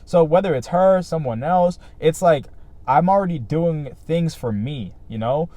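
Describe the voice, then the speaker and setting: A man's voice: a little high, expressive, a little slow, dark tone, no room sound. A man talking casually to his viewers in a vlog, earnest and rambling, with many fillers and "right?" tags. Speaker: vlogger. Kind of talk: casual reflective talk to camera.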